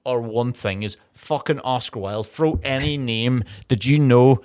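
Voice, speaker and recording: An Irish man co-hosting a comedy podcast, telling stories in a sweary, animated rant. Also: mid-range voice, a little slow. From Ireland. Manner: animated, ranting, sweary storytelling. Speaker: podcast co-host. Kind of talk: casual comedic film chat.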